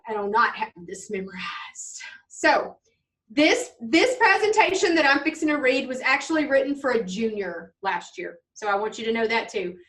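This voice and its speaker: Woman club leader, high bright voice, chatty teaching demo, distant camera mic. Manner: chatty, checks in often with "okay?". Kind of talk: casual instructional demo for kids. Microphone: video camera.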